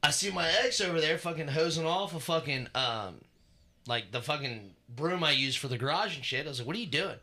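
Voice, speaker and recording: A casual man on a podcast with a very bright, cutting tone. He swears constantly and tells stories with a lot of energy, and his voice rises into near-shouts when he gets worked up. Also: fairly high pitch, a little fast. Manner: profane, animated storyteller who shouts when excited. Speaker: podcast co-host. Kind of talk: casual chat.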